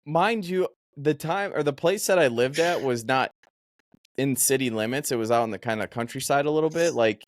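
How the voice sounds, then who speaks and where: Man, podcast host, casual storytelling, profane and animated, mid-pitched voice, dry close sound. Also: moderate pace, no echo.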